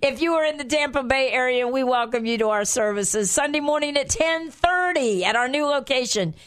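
Woman pastor radio host, animated storyteller, slightly high voice. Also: normal speed, smooth. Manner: lively storyteller, acts out voices. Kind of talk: call-in christian radio talk.

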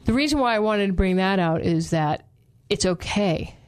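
A woman co-hosting a casual Bible study discussion, talking in an animated way and acting out quotes. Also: normal speed, clean tone. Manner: animated, acts out quotes with pitch jumps, laughs often.

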